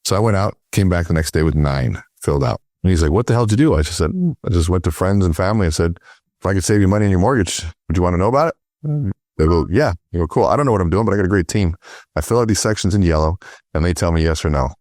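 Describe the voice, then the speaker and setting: A middle-aged man, a sales trainer, telling animated stories in an interview and acting out the dialogue. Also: deep voice, fast talker, dry recording, clean studio sound. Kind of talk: storytelling in interview.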